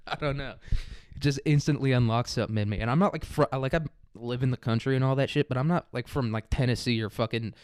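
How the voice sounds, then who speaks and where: A young Midwestern man rambling through a crude comic monologue on his podcast, breaking into laughter often. His voice sits at an ordinary mid pitch, and the recording is dry and close with no room sound. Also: quick pace, a little mellow, clean tone, no echo. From Kansas City area, American Midwest. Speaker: podcast host.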